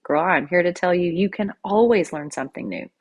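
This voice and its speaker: A middle-aged woman talks through her solo podcast in a relaxed, chatty way, tossing in "right?" and "okay?" as she goes. Her voice sits a little low for a woman. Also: brisk, slightly rough. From Louisville, Kentucky. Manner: conversational, keeps asking "right?" and "okay?". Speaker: podcast host. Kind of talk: casual solo podcast talk.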